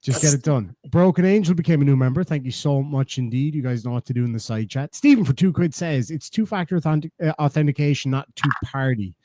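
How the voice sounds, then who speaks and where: A man's voice: fairly high pitch, fast, few pauses, warm tone, no room sound. A man hosting a casual live stream, reading out viewer donations with profane, sardonic remarks.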